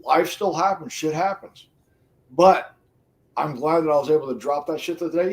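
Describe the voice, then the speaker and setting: Excitable, profane man chatting on a stream. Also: fairly high pitch, moderate pace. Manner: profane, animated, laughs often. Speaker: livestream co-host. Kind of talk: casual stream chat.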